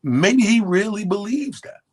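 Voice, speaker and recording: A man's voice: high-pitched, lively intonation, measured pace, slightly rough. A man co-hosting a radio show, telling a long, profane story in casual chat and acting out both sides of the quotes. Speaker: radio co-host. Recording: radio studio.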